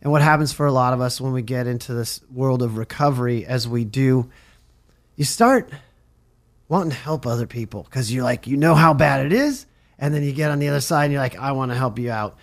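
A man's voice: medium pitch, a little fast. A man hosting a recovery radio show, talking in a rambling, jokey, enthusiastic way. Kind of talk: casual interview chat. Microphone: studio mic, on camera.

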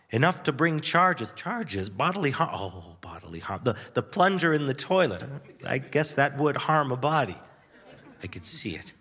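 A man hosting a radio show, telling a nostalgic story in a wry, animated way with chuckles and dramatic pauses. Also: medium pitch, big-room sound. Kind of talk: nostalgic first-person storytelling.

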